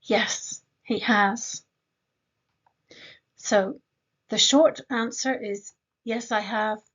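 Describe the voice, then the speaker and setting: A woman teaching an English grammar lesson, slowly modeling example sentences and asking the learner quick questions. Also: a little high, steady tone, highs cut off.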